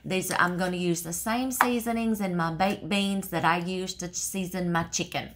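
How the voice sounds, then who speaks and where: A woman's voice: lowish voice, steady tone, moderate pace, background noise. A middle-aged woman, chatting folksily through a home cooking tutorial in her kitchen, always saying "y'all" and "okay".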